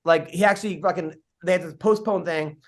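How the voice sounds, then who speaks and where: A man's voice: high-pitched, fairly quick. A man hosting a podcast, telling rambling stories in casual chat and swearing freely. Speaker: podcast host.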